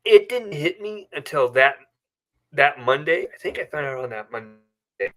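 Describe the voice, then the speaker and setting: A man's voice: on the high side, lively intonation, a little slow, fairly bright tone. Rambling man telling a story. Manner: rambling storyteller with many fillers. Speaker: host. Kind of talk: casual live stream chat. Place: bedroom at home.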